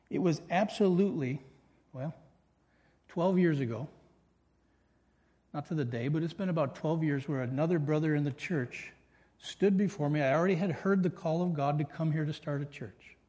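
A middle-aged man preaching a sermon in an earnest, storytelling way. His voice sits a bit high for a man. It rings out with a long hall echo in a church sanctuary. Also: mellow. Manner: earnest preaching with personal stories. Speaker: pastor.

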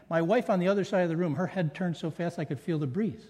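A middle-aged man preaching a sermon in an earnest, storytelling way. His voice sits a bit high for a man. It rings out with a long hall echo in a church sanctuary. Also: rapid-fire, few pauses, darkish tone. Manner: earnest preaching with personal stories. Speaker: pastor.

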